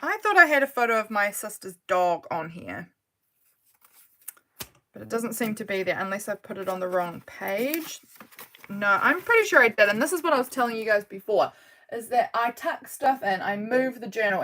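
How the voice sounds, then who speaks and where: A woman's voice: medium pitch, animated, moderate pace, bright, forceful tone, slight background noise. Chatty woman crafting on a livestream. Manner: chatty and rambling, often laughing, apologetic. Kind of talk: casual live chat while crafting. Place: home craft desk.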